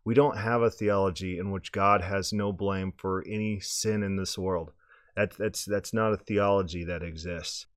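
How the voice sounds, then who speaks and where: A man with a hoarse, scratchy voice hosting a podcast, rambling casually and repeating words as he restarts his sentences. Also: sits low, steady tone, moderate pace, no room sound, studio quality. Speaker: podcast host.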